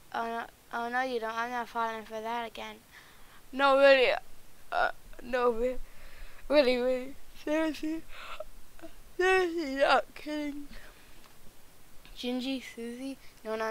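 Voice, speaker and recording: A woman's voice: on the high side, a bit bright, smooth, poor audio. A woman reading the lines of a small, nervy gingerbread man in a plain read-aloud way.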